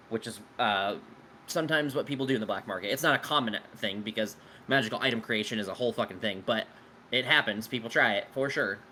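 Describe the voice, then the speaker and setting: A man's voice: mid-range voice, pushed and bright, slight background noise. A man running a tabletop game as game master, casually explaining his world to players with lots of fillers and some swearing. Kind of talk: answering player questions out of character.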